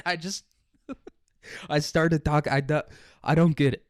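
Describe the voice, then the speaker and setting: A man's voice: a little high, lively intonation, normal speed, no echo, clean studio sound. Rambling, crude young man podcasting. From Kansas City area, American Midwest. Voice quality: crude, rambling, laughs often. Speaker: podcast host. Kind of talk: crude rambling comedy monologue.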